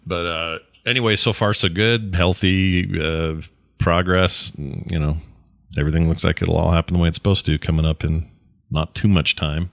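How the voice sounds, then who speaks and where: A man's voice: deep voice, steady tone, moderate pace, creaky, a bit bright, no echo, studio quality. A man from Utah co-hosting a podcast, chatting in a rambling, joking, self-deprecating way. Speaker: podcast co-host. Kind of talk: casual chat.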